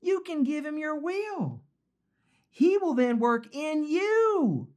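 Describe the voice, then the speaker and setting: A man's voice: very high voice, very animated, slow, a little mellow, voice pushed up, heavily acted. A man voicing a sweet, reassuring Southern belle woman with a Southern US accent, coaxing and drawling, calling the listener honey and sugar. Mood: soothing.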